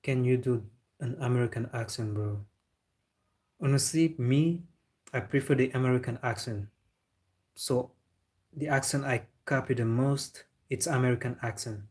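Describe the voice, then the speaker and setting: A man's voice: mid-range voice, moderate pace, pauses often, a little mellow. Man chatting on a livestream. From Senegal. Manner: chatty, laughing, answers viewer comments. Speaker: football livestream host. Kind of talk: casual livestream chat.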